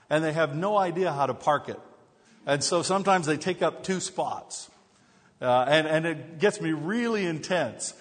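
A man preaching a sermon as pastor, telling funny self-deprecating stories before turning to scripture. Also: on the high side. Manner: humorous storytelling with self-deprecating jokes. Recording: long hall reverb.

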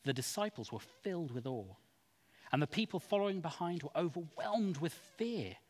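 A man giving an expressive, dramatic Bible reading. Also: on the high side, moderate pace. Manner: expressive, acts out quoted speech. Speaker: scripture reader. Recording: long hall reverb.

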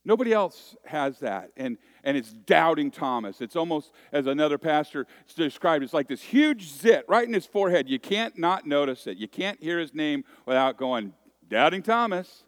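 A man's voice: on the high side, big pitch swings, moderate pace, few pauses, dry recording. A middle-aged man preaching a sermon at a church worship service, in a folksy, joking way full of conversational asides and restarts.

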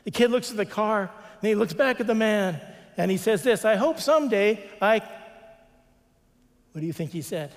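A man's voice: sits high, fairly quick, big-room sound. A man preaching a sermon as a pastor, earnest, with repeated refrains and acted-out quotes.

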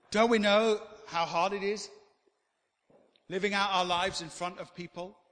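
A man preaching a sermon, animated and swinging between loud emphasis and quiet asides. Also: high-pitched, unhurried, pauses often. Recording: long hall reverb.

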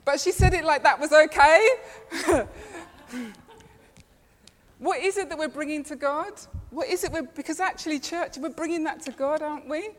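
A woman's voice: sits high, moderate pace, slight background noise. Woman preaching in a reverberant hall. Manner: lively, chatty storytelling, laughing often. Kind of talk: sermon with personal stories. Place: church.

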